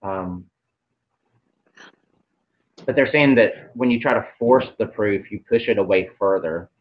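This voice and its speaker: Low-voiced man channeling blunt messages. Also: unhurried, lo-fi sound. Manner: relays spirit messages with blunt swearing, hesitant fillers. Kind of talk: live channeling Q&A.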